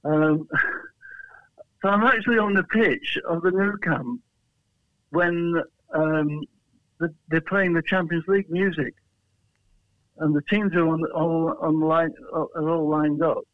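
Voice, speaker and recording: A man's voice: on the high side, unhurried, pauses often, no room sound. Chatty English man on a phone line. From England. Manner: rambling, chuckling storyteller with many restarts. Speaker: guest, flag maker. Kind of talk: casual interview chat.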